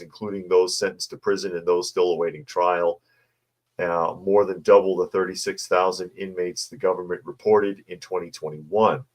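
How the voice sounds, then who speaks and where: A man with a very low, deep voice hosts a casual livestream commentary. He reads news items and viewer comments aloud, then adds blunt, snarky asides in a relaxed, conversational way.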